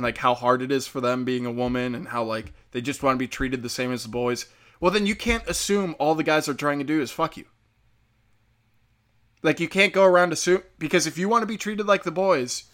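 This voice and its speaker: A man with a bright, forceful tone delivers a loose, unscripted rant as a podcast host. He swears freely and sounds sarcastic and heated, at a middling pitch. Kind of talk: casual ranting monologue.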